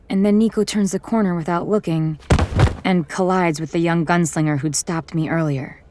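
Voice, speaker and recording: A woman narrating a first-person audiobook in a measured, even storytelling voice. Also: deep voice.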